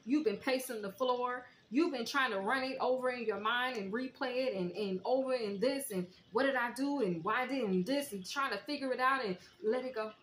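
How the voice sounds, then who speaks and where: A woman giving a heartfelt spiritual tarot reading, talking straight to her viewers in a preacherly way and sometimes softly singing. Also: a little high, normal speed, few pauses. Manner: emotional, preacherly, breaks into soft song. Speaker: tarot reader. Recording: echoey room with faint noise.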